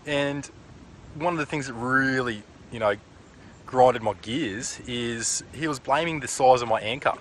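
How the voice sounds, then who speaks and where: A man's voice: medium pitch, measured pace, a little hiss or hum. A man with an Australian accent casually narrating his fishing vlog in a laid-back, rambling, slangy way, talking outdoors on a boat and beach. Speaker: fishing vlogger.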